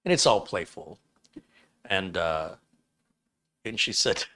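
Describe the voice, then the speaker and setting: Lowish-voiced guy in his 50s, rambly live chat, jokes about himself a lot. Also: lively intonation, slow pace, bright, forceful tone. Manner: rambling, self-deprecating, jokey. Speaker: livestream host.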